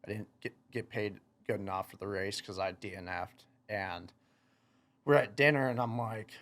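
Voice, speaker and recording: A man's voice: fairly low pitch, normal speed, fairly bright tone. A young man in his twenties, a motocross racer, telling a story in a casual podcast chat, rambling with lots of "like" fillers and quoting himself. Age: 20s.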